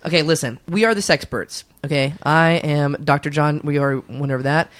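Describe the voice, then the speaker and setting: A man's voice: on the high side, moderate pace, a bit bright, no echo, voice pushed down, lightly acted. A man improvising as Doctor John, a goofy, self-important male midwife who hosts a comedy podcast and keeps rambling off topic. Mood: giggly. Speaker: host.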